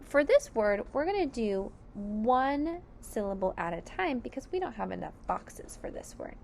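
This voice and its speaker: A woman teacher slowly sounding out sight words, syllable by syllable, for young children. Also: fairly high pitch, sing-song, a little mellow, slight background noise. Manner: clear, deliberate sounding out of each letter. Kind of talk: slow phonics lesson.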